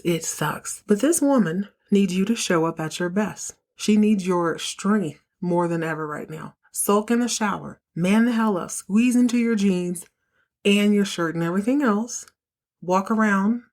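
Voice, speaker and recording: A woman's voice: medium pitch, moderate pace, darkish tone. A woman hosting a podcast, recapping a TV episode in a candid, slangy, opinionated chat. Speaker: podcast host.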